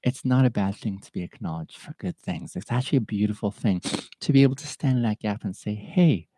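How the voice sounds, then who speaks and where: An earnest middle-aged man talks straight into the mic in a reflective solo podcast, voice sitting on the low side. He sounds openly emotional and a little stuffed up, sniffing now and then. The sound is close and dry. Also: fairly quick, mellow, no room sound. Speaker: podcast host.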